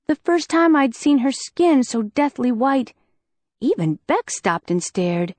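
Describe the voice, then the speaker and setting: A woman reading a first-person audiobook with a fairly high voice, measured and earnest. The sound is close and dry, recorded on a studio mic with no room echo. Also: very animated, a little mellow. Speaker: audiobook narrator.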